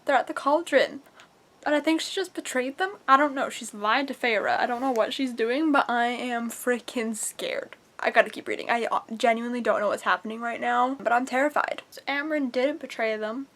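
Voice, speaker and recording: Excitable young woman book vlogger. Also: a little high, normal speed. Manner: excitable, chatty, swears casually. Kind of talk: casual reading vlog. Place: at home, indoors.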